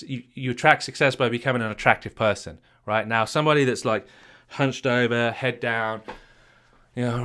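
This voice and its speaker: Guy coaching a marriage retreat, lowish voice, keeps repeating points and asking the room stuff. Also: fairly bright tone. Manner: emphatic, repeats key phrases, asks rhetorical questions; acts out low and upbeat voices to make points. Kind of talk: retreat workshop talk.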